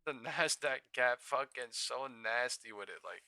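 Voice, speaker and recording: A man's voice: mid-range voice, unhurried, vocal fry, few pauses, bright, forceful tone, no echo. A tired young man live-streaming stock trades, talking to himself in incredulous, swearing bursts. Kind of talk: live trading stream commentary.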